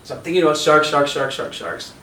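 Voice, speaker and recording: Man telling an animated story on a call. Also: fairly high pitch, brisk, reverberant, far from the mic, a little hiss or hum, low-quality recording. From Canada. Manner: animated storyteller acting out voices, laughing often. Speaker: yoga teacher and host. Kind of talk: casual storytelling on a video call. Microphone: video call.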